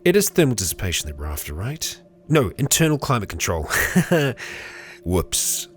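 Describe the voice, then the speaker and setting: A man's voice: fairly low pitch, big pitch swings, moderate pace, faint music behind. A young man hosting a let's play, chatting casually through the game and talking to the characters on screen. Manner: chatty, talks to game characters, bursts into mock fury and laughter.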